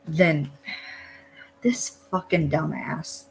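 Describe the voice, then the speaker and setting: Slow, gravelly podcast host. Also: mid-range voice, steady tone, a little hiss or hum, low-quality recording. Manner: loose, lots of "like", blunt swearing. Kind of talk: casual chat recapping a TV episode.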